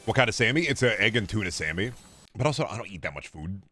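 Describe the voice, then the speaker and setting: A man in his twenties with a slightly low voice rambles through a game stream, swearing and joking. He talks back to his chat between plays in a loose, casual way. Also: sing-song, fast, pushed and bright, slight background noise. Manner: rambling, profane and jokey. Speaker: gaming streamer. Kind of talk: casual gaming livestream chatter.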